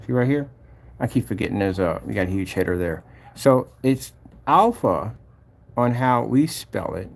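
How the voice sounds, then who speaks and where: Here the man's mid-range voice swings widely in pitch, carrying vocal fry and a breathy edge at a moderate pace. As the owner of the company, he clicks through his product site in casual screen-share commentary, exasperated and mocking, repeating himself.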